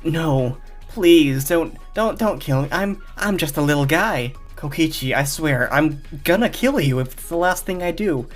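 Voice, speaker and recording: A man's voice: fairly high pitch, expressive, unhurried, soft background music. A man doing a stammering, timid young detective. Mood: nervous. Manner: stammering, pleading. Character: timid young male detective turned murderous.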